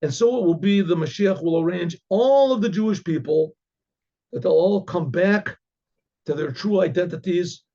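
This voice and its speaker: A man, a rabbi, telling a religious story in a halting way with many restarts and frequent throat-clearing. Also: sits high, expressive, mellow, highs cut off. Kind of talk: oral storytelling.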